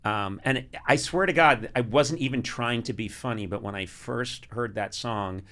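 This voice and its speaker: Host type: middle-aged man with a bright, forceful voice, a lively comic storyteller who laughs easily and gets loud. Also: mid-range voice, moderate pace. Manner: animated, laughs often, voice rises loud when excited.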